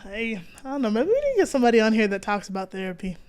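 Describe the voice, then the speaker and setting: A woman hosting a chat, supportive and quick to affirm her guests. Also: fairly high pitch, expressive, darkish tone. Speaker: host. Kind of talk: casual interview chat.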